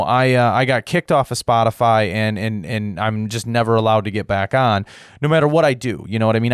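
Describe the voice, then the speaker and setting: A man's voice: medium pitch, clear, resonant tone, no room sound. Man, from the US, podcast host, casual rant, repetitive, dry close mic. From United States. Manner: repetitive, keeps asking "right?"; restless, frequent restarts.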